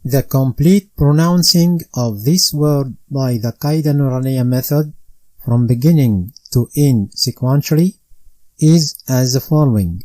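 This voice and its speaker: Slow, methodical male recitation teacher. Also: medium pitch, mellow, dry recording. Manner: methodical, spells out letters and vowel marks one by one. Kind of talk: slow step-by-step instruction.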